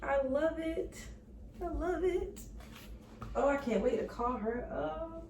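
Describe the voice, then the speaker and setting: A young woman unboxing gifts in a casual vlog, excited and emotional, gasping at each gift. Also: sits high, slow. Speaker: vlogger. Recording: roomy, from far off the mic, faint noise.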